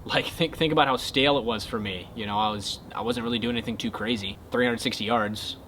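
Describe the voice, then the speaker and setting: A young man casually telling a golf story to his viewers, excitable and then earnest. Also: medium pitch, fast, slight background noise. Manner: excitable retelling, quieter and earnest when talking faith. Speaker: golf content creator.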